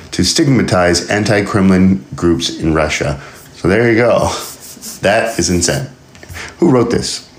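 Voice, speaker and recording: A man hosting a casual podcast, reading news aloud and riffing on it in a rambling, joking way with frequent laughs. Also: deep voice. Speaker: podcast host. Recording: roomy echo.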